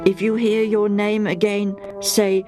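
Old priest in a storybook, fatherly, soft, kindly, raised pitch, played by a woman. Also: flat delivery, measured pace, over music, natural voice. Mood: gentle.

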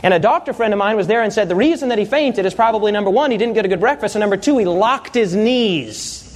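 A man's voice: high voice, animated, fast, a little hiss or hum. A man preaching a sermon, telling a personal story and asking the congregation questions.

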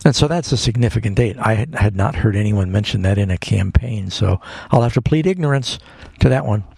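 A man with a gravelly, husky voice answers callers' Bible questions on a radio call-in show, earnest and explanatory. His sound is dry and close, straight off a studio mic. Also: on the low side, animated, brisk, darkish tone, no room sound. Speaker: radio Bible program host and pastor. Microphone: studio microphone.

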